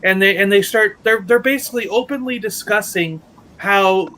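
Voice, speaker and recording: A man's voice: high-pitched, moderate pace, pushed and bright, a little hiss or hum, low-quality recording. A man co-hosting a casual toy-collecting livestream, telling a long story in a rambling way, restarting and acting out what others said. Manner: rambling, retells conversations with restarts. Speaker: Lego merchandising rep.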